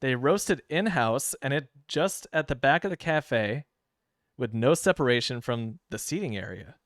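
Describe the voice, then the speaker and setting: A man's voice: medium pitch, lively intonation, a little slow, no echo. Chatty, self-amused man with a dry, close sound. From Midwestern United States. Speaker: streamer. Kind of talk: casual gameplay commentary. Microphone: streaming microphone.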